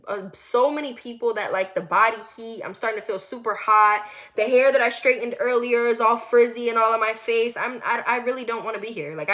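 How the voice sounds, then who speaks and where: A young woman telling a personal story in a vlog, animated and repetitive, with lots of swearing. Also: a little high. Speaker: vlogger.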